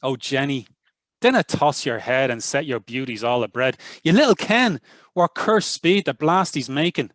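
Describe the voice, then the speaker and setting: A man's voice: mid-range voice, moderate pace, no room sound. Dublin man reciting verse. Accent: Northside Dublin. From Ireland. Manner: lively, rhythmic verse recital. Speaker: university lecturer. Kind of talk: poetry reading. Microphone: video call.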